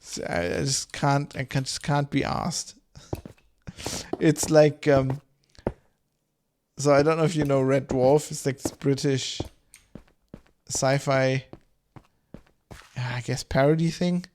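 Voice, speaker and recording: A man's voice: medium pitch, fairly even intonation, takes it slowly, pauses often, a little mellow, a little hiss or hum. A man streaming a game, rambling in loose, casual chat full of swearing and fillers. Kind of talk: casual chat while gaming.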